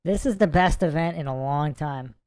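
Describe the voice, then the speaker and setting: Guy hosting a livestream, chill mellow voice, dry close mic, reads chat out loud. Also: a little high, normal speed, dry recording. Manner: chatty, muses aloud, reads comments and look-ups aloud. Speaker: livestream host reading viewer chat.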